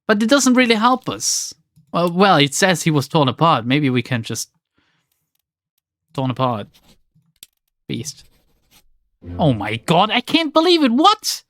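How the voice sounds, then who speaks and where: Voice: mid-range voice, expressive, slow, long pauses, a bit bright, no room sound. A streamer giving casual let's play commentary in an exasperated, sarcastic tone, often swearing.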